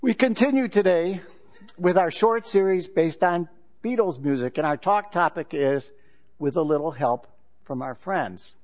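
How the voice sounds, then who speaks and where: Male pastor, sermon, high voice, candid and self-deprecating. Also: a little slow, a little mellow.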